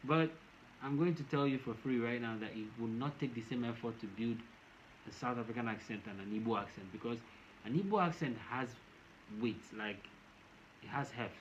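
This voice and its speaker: A man's voice: medium pitch, a little fast. A Nigerian man giving casual commentary to camera, rambling and often repeating and restarting his phrases. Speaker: vlogger. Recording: dull lo-fi with faint noise.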